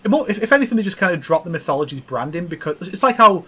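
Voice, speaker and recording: Chatty man, slightly high voice. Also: big pitch swings, racing, fairly bright tone, husky. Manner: hesitant, repeats words, laughs often. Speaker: podcast host running a trivia iceberg. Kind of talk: casual gaming chat.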